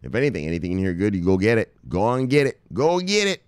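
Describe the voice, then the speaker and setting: A man's voice: low voice, expressive, rapid-fire, darkish tone, smooth, no room sound, clean studio sound. Rambling, profane male crypto show host. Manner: rambling, profane, jokey, addresses viewers as brothers. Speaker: crypto news video host. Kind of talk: casual profane commentary.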